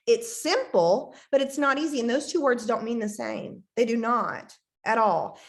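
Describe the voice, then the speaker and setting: Woman in her 30s, kinda high voice, pep talk to her team, punchy, repeats stuff. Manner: emphatic, repeats phrases, acts out quotes. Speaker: team leader giving a team call.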